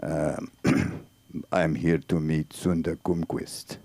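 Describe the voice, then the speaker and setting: A man's voice: rumbling low, little pitch movement, extremely slow, creaky, dark tone, no echo, voice pushed down, heavily acted. A man voicing a pompous, stiff Russian ambassador in a comedy club bit. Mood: stiffly formal. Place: small comedy club stage.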